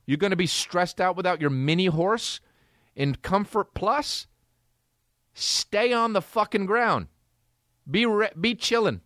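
A man hosting a comedy podcast, ranting in an incredulous, profane, animated way. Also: high voice, a little slow, dry recording, studio quality. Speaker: podcast host.

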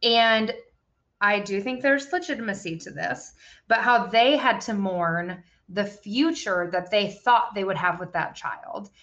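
A woman's voice: medium pitch, unhurried, a bit bright, muffled recording. A woman in her thirties chatting candidly about a parenting book, swearing freely. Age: 30s. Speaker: podcast co-host discussing a book. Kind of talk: casual book-club chat.

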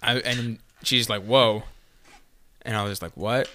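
A man's voice: on the low side, fairly even intonation, measured pace, bright, forceful tone, slight background noise. A young man telling a long story on a casual podcast, rambling with lots of fillers and swearing. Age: young adult. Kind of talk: casual chat.

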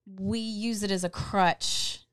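A woman's voice: medium pitch, slow, clean tone, dry recording. Earnest encouraging woman podcast host. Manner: earnest, encouraging, animated storytelling. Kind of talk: casual faith-based podcast talk.

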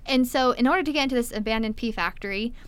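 Young woman, smooth clear slightly high voice, lively storyteller who acts out quotes. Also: quick pace. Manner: animated, acts out quotes, heavy filler "like". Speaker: storyteller guest. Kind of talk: casual storytelling chat.

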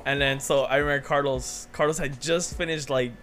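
A man's voice: mid-range voice, fairly even intonation, a little fast, a bit bright, a little hiss or hum. A man chatting casually among friends, easygoing and chiming in with laughs. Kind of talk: casual chat.

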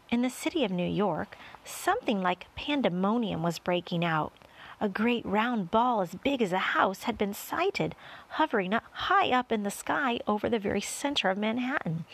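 A woman narrating a children's storybook with an expressive, varied delivery. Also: mid-range voice, slightly rough. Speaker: audiobook reader.

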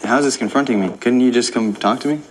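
Man, young adult, fast talker, profane, defensive, heated rant. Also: mid-range voice, husky. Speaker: YouTuber responding to allegations.

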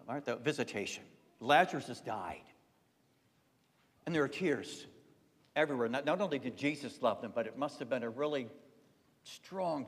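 Preaching man in a reverberant church. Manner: conversational preaching, swells loud and high at climaxes, drops to soft asides. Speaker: pastor. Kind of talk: Easter sermon. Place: church sanctuary.

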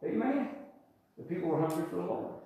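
In a high, bright, expressive voice, an older preacher moves briskly through a folksy sermon. He repeats phrases and asks for amens, sounding distant from the mic while the church rings with strong echo.

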